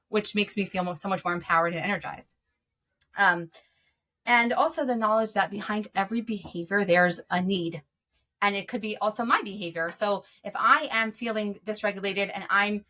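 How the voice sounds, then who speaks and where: Woman guest chatting about parenting, bright clear voice, earnest, lots of ums, middle pitch. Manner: earnest, explanatory, frequent ums. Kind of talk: conversational advice.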